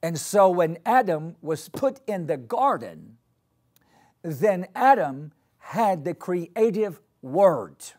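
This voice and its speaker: A pastor preaches a sermon at an unhurried pace, his darkish, sing-song voice swinging widely in pitch as he drives home each point. He repeats key phrases and leads the congregation in call-and-response, asking them to say the phrases back to him.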